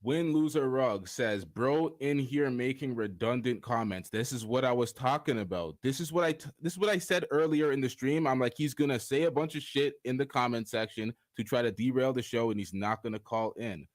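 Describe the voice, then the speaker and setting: A man on a live stream reads comments from the chat aloud and rebuts them in blunt, profane casual talk. His pitch sits in the middle range. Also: a little fast, hardly any pauses.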